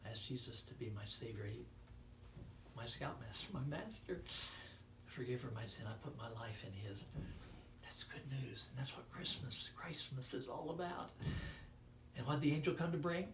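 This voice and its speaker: A man's voice: mid-range voice, moderate pace, slight background noise. A man giving a children's Christmas message, telling a story with acted-out dialogue, sometimes dropping to a whisper. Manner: animated storytelling, acts out dialogue, drops to a whisper. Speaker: children's speaker. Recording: roomy hall, voice from far off, faint ambience.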